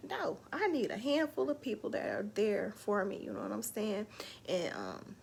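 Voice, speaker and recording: A woman hosts a casual livestream, speaking emotionally and from the heart about her faith and her week. Her gravelly voice sits on the high side with big pitch swings at a normal speed, and a little hiss or hum runs through the audio.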